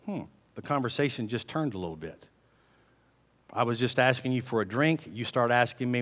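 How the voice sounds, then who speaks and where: A man preaching a sermon, telling the story with animated swings between loud emphasis and hushed delivery. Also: mid-range voice, normal speed. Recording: long reverb of a large hall.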